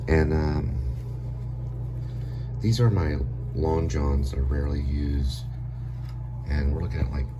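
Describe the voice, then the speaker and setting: A man's voice: extremely low pitch, slow pace, pauses often, muffled recording. A man from Texas chatting casually at home for his vlog, rambling with lots of fillers and corny jokes. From Texas, USA. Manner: rambling, many fillers, jokey. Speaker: vlogger. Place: at home indoors. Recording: steady background noise.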